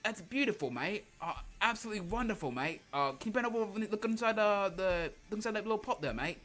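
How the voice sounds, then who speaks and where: A man voicing a fawning male henchman who flatters his boss in a sing-song way. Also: sits high, quick pace, soft background music, voice pushed up.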